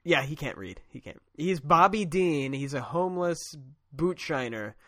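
Male podcast co-host, somewhat high-pitched, relaxed storyteller who chuckles as he retells the plot. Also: normal speed, no echo, studio quality. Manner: chatty, laughs often, acts out quotes loosely. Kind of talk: casual chat recapping a comic story.

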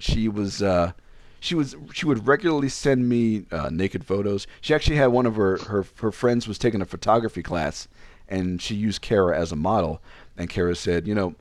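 A young man casually telling a personal story on a podcast, acting out the lines of the people in it. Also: dry recording. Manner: animated, acts out quoted lines with pitch jumps.

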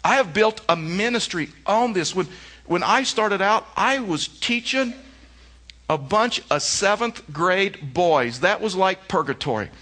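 A man's voice: high voice, expressive, a little slow, bright, forceful tone. Man preaching a storytelling sermon. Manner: storytelling with emphatic repetition. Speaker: pastor.

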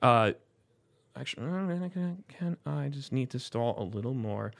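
A man from South Florida hosting a casual chat show, talking in an animated, rambling way with many restarts. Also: mid-range voice, measured pace, vocal fry. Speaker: podcast host.

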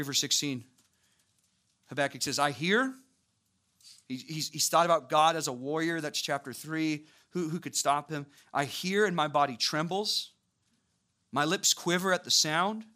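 A man preaching a sermon, walking through scripture with lively, casual asides and acted-out voices. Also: a little high. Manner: animated, acts out voices of biblical figures with casual asides.

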